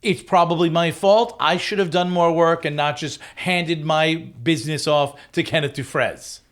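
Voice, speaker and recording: A man's voice: on the high side, fairly even intonation, moderate pace, fairly bright tone. A man co-hosting a comedy podcast, making dry, wry quips in casual chat. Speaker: podcast co-host.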